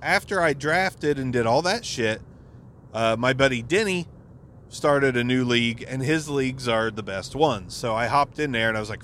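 A man's voice: medium pitch, moderate pace, a bit bright, slight background noise. A man hosting a podcast, delivering a casual, exasperated monologue full of profanity. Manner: profane, exasperated rant with frequent swearing. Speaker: podcast host.

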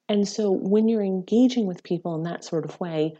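A woman psychology lecturer, a podcast guest, explaining her research in a measured, explanatory way. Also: medium pitch, dark tone, dull audio. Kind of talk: academic podcast interview.

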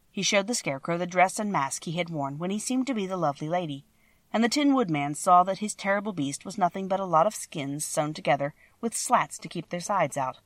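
A woman narrating a classic storybook in a measured, expressive way. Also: on the low side, dry recording. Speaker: audiobook reader.

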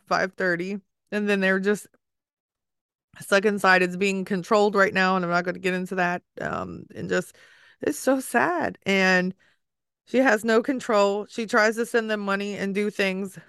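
A tearful woman host speaks in a smooth, clear voice in a dry, close-sounding space. She rambles emotionally, leaning on fillers as she talks. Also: medium pitch, steady tone, a little slow, a bit bright, no room sound. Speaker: podcast host. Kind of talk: casual conversation.

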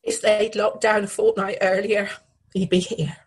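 A middle-aged woman, a bereaved widow, speaking in an interview in a halting, grieving way and repeating her words. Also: medium pitch, level tone, husky, low-quality recording. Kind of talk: emotional news interview.

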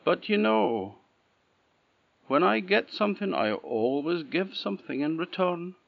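A wise old woman speaks in a high, quavering voice, offering cryptic sayings in a Scottish Orcadian lilt, as a male storyteller puts her on. Her tone stays earnest and knowing. The recording is slightly dull and lo-fi. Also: expressive, a little slow, gravelly, exaggerated voice. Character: poor wise old woman, a spae wife.

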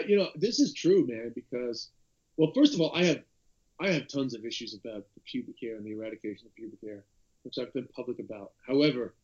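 A man's voice: mid-range voice, muffled recording. An Irish man co-hosting a casual podcast chat over a video call, telling stories animatedly with many restarts. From Ireland. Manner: animated storyteller, frequent restarts. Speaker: podcast co-host.

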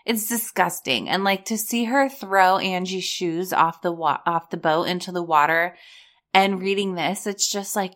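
A woman's voice: medium pitch, a little slow, fairly bright tone. A woman commenting casually on a court case, blunt and sarcastic, swearing freely as she reacts. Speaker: reality TV commentator. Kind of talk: casual commentary, reading court documents aloud.

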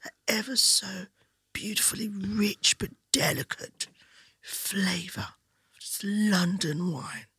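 A woman putting on a posh, gushing lady wine fan in a whispered role-play, slow and mock-seductive. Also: medium pitch, fairly bright tone, breathy edge, dry recording, heavily acted.

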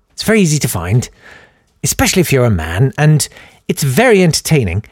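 A man's voice: mid-range voice, no room sound, studio quality. Sarcastic ranting man. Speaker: podcast host. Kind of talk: comic monologue.

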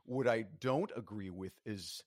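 A man's voice: lowish voice, a little slow, dry recording, studio quality. A man speaking as an interview guest, in an emphatic, motivational way. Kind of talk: casual interview talk.

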